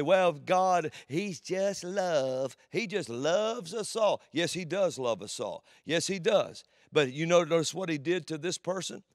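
A man preaching a sermon with emphatic swings between loud declarations and quiet asides. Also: a little high, no room sound, studio quality.

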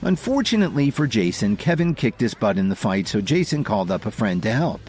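A man narrating a dramatic audio story in a scripted, expressive manner. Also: on the low side, brisk, faint music behind.

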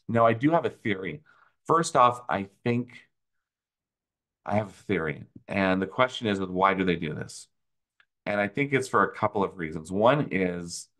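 A man with a fairly low voice explains an audit dispute in an angry rant. He is sarcastic and hammers his points home by repeating them. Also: a bit bright. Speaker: tax consultant host. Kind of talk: ranting explainer video.

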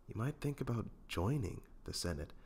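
A man voicing a calm friendly jedi, gentle and good-natured, fan audiobook. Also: on the low side, moderate pace, pitched above the performer's own voice, heavily acted.

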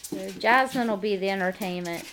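A woman with a mid-range, fairly bright voice films her dogs' birthday party indoors at home on a handheld camcorder. Speaking a little fast, she coos baby talk at the dogs and laughs often in this home-video chat. There's slight background noise.

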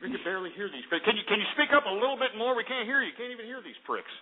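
A high-pitched man runs a call-in radio show with a brash, ranting delivery, berating callers and barking orders to dump them. His voice comes through a thin, phone-like band that strips out the lows and highs. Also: very animated, very fast. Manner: ranting, insulting, hangs up on callers. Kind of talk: abrasive call-in show hosting. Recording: lo-fi phone-like internet radio audio.

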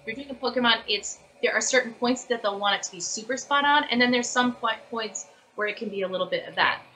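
A woman voice actress chatting casually as an interview guest, animated and full of fillers and restarts. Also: on the high side, quick pace, rough recording.

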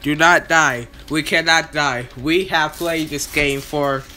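A man's voice: fairly high pitch, steady tone, slow pace, sharp tone. A man playing a horror game and commentating, yelping in panic and laughing as he goes. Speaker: gaming channel host. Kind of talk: let's-play commentary.

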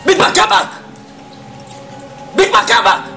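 An actor with a Ghanaian accent playing a hot-tempered man haggling over his car, shouting and repeating himself. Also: a little slow, soft background music. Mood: angry. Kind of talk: film drama acting.

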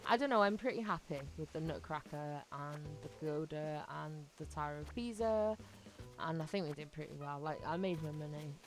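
A woman's voice: deep voice, moderate pace, over music. A woman streaming a video game live, chatting casually and giggling as she talks straight to her viewers. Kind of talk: casual live-stream chat while playing.

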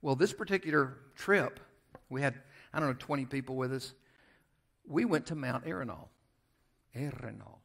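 A Southern American pastor speaks at a medium pitch and normal speed while preaching in a church sanctuary. His storytelling sermon moves from loud emphasis down to quiet, conversational asides.

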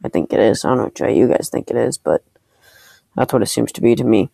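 Gravelly man ranting over gameplay. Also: medium pitch, fast talker, mellow, no room sound, rough recording. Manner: frustrated, swearing, ranting. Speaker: gamer recording his play. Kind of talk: casual gameplay commentary.

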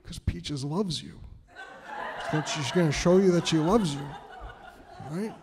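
A man's voice: on the high side, lively intonation, slow pace, darkish tone, big-room sound. A man voicing his stern, no-nonsense middle-aged father, curt and firm.

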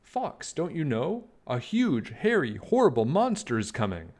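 Brief: storybook rabbit, clumsy and frantic, very high squeal, voiced by a man. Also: huge pitch swings, drawn-out words, a little mellow, husky, full character voice. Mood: urgent. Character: clumsy, panicky male rabbit.

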